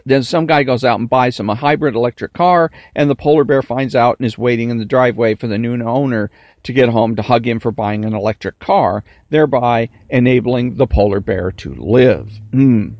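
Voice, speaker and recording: A man delivering a political commentary monologue, deliberate and emphatic, slowing to stress key words. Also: medium pitch, darkish tone, dry recording, muffled recording. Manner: deliberate, emphatic, drawn-out stresses, mocking whiny impressions.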